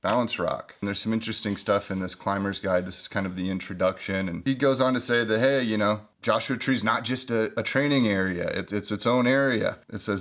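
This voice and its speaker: Chatty male host, casual book review, lowish voice, joking asides. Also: a little fast, few pauses, a bit bright. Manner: chatty and joking, flips through pages. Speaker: host reviewing an old climbing guidebook.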